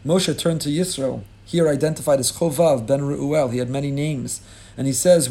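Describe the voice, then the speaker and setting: A man, a rabbi giving an impassioned sermon on the Torah portion, weaving Hebrew terms into English and rising high when he acts out pleas. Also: steady tone, normal speed, warm tone.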